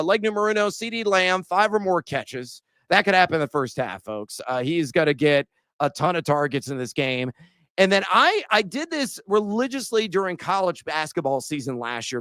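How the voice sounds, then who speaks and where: A man co-hosting a sports betting podcast, exuberant and playful, bursting into shouts as he talks through his picks. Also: fairly high pitch, clean tone, dry recording. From Illinois. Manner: playful, sprinkles joke phrases. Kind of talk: casual betting picks chat.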